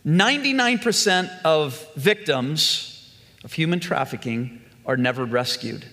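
A man's voice: fairly high pitch, animated, a little slow, pushed and bright, long reverb tail. A male pastor preaching an earnest, conversational sermon, full of questions put to his congregation.

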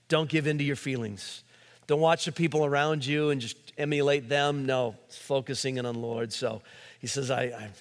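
A male pastor preaching a sermon in a relaxed conversational way, with frequent fillers and restarts. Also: medium pitch, long reverb tail.

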